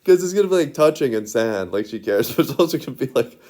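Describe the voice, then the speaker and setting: Medium in pitch and a bit mellow, this man's voice moves at a quick clip and is very animated as he rambles casually on his own. He often giggles, relies on "like" throughout, and restarts repeatedly.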